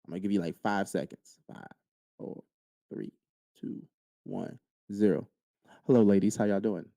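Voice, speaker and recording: A man's voice: on the low side, fairly even intonation, moderate pace, gravelly, dark tone, no room sound. A man hosting a podcast, speaking straight to his listeners in an earnest motivational monologue and repeating key lines for emphasis. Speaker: podcast host.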